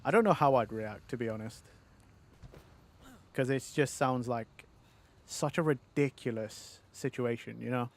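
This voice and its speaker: A man in his thirties chats loosely while streaming a game, rambling, mocking himself, swearing freely and laughing a lot. His voice sits in an ordinary middle range, and he speaks at a measured pace with frequent pauses.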